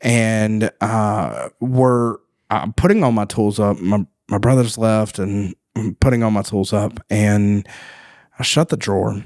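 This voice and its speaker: Low-voiced man telling a story. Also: measured pace, no echo, studio quality. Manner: animated, laughs often, acts out voices in his story. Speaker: podcast host. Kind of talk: casual storytelling on a faith podcast.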